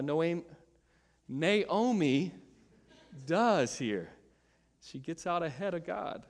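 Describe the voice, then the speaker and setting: Man preaching in an echoey hall. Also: a little high. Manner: conversational, laughs often, asks the congregation questions. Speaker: pastor. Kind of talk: sermon.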